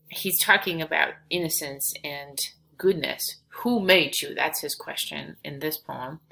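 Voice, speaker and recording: A woman's voice: deep voice, unhurried, creaky, hardly any pauses, sharp tone, low-quality recording. A woman teaching a poetry lesson, reading verse aloud and then explaining it casually with fillers.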